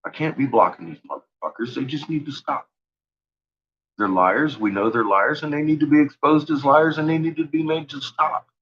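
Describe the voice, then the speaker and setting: A man hosting a livestream in a casual, profane rant, laughing often and swinging from low mutters to loud shouting. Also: normal speed, lo-fi sound. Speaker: livestream host.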